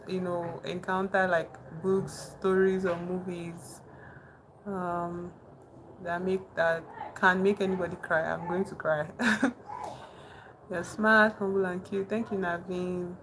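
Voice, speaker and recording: A young woman chatting casually with her live-stream chat, soft-spoken and calling herself very emotional. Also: lowish voice, little pitch movement, slow. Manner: soft-spoken, thanks chat warmly, says she is very emotional. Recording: noticeable background noise.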